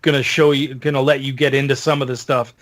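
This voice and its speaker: A man co-hosting a gaming podcast, talking excitedly in casual chat, swearing and restarting his sentences. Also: medium pitch, fast talker. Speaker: podcast co-host.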